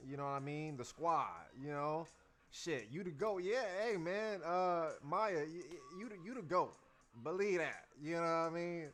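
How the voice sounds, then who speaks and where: A man's voice: fairly high pitch, fairly bright tone. A man hosting a casual livestream as a dance teacher, talking loosely in slang to his viewers and repeating his phrases.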